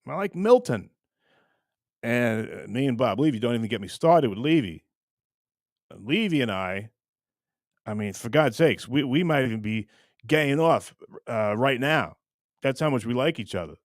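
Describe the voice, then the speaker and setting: Guy ranting on his show, rambly and teasing, lots of restarts, pitch jumps all over, dry close sound. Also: lively intonation, normal speed, no room sound. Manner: rambling, repeats words and restarts often, teasing. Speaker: online show host. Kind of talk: casual rant to camera.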